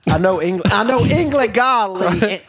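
A man's voice: high voice, expressive, moderate pace, over music. A man hosting a podcast, joking, laughing often and tripping over his words. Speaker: podcast host. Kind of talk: casual chat. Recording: loud background hiss.

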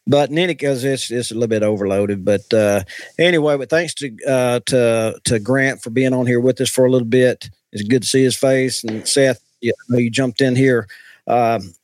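A man's voice: mid-range voice, moderate pace, no echo. A man co-hosting a podcast in casual chat, rambling with many fillers. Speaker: podcast co-host.

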